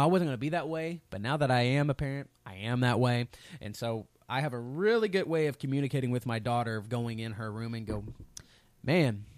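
A male pastor in his thirties delivers a sermon in an easygoing, conversational way, often stopping to restart a thought. His voice sits at an ordinary middle pitch. The recording is dry, with no room echo. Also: smooth. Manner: conversational, many fillers and restarts.

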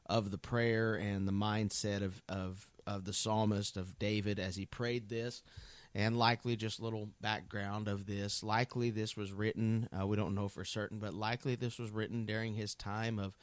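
A man's voice: fairly low pitch, level tone, moderate pace, clear, resonant tone, dry recording. A man giving a conversational Bible teaching, earnest and folksy, thinking aloud as he goes.

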